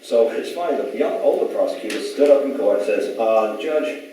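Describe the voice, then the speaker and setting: A man's voice: mid-range voice, lively intonation, fairly quick, a crowd in the background. Man lecturing emphatically in an echoey hall. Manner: emphatic, retells exchanges in quoted voices. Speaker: speaker at a public talk. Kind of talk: storytelling lecture to a live audience. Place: large echoey event hall. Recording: echoey hall from far off, faint hiss.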